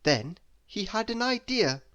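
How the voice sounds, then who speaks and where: A woman reading a children's bedtime story aloud, expressive and playful with asides to the listener. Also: mid-range voice, measured pace, lo-fi sound.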